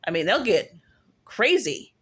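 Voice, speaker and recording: A woman's voice: medium pitch, sing-song, unhurried, fairly bright tone, slightly rough. A woman giving a casual commentary rant on her own channel, emphatic and slangy, repeating phrases for effect.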